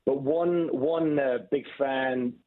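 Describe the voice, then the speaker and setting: A man calling in as a behaviour expert on a radio show, explaining his points in a measured way. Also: medium pitch, fairly even intonation. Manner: measured, explanatory, fond of "subtle" and "right?". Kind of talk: radio phone interview. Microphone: phone. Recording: tinny husky phone line.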